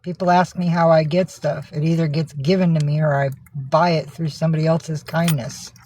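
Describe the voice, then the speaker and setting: A woman's voice: low voice, fairly even intonation, moderate pace, darkish tone, slight background noise. Rambling woman cooing at her cats. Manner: coos to her pets, rambling, swears casually. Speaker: vlogger. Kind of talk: casual livestream chat. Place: inside a car.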